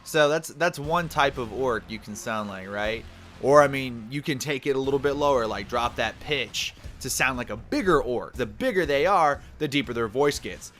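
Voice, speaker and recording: A man giving a casual, energetic tutorial on doing character voices. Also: medium pitch, normal speed, slight background noise. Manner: energetic, chatty. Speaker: voice actor teaching a tutorial.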